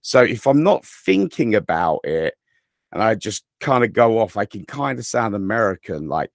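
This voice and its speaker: A middle-aged English man, deep-voiced, chatting casually and telling stories. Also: very animated, vocal fry, no room sound, studio quality. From England. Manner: deep-voiced, mumbles words quickly. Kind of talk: casual storytelling chat.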